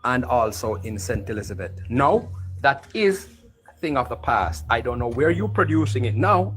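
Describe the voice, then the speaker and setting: A man's voice: mid-range voice, expressive, moderate pace, fairly bright tone, faint music behind, rough recording. Firm Jamaican man debating politics. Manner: firm, lists places and facts, talks over interruptions. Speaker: political commentator.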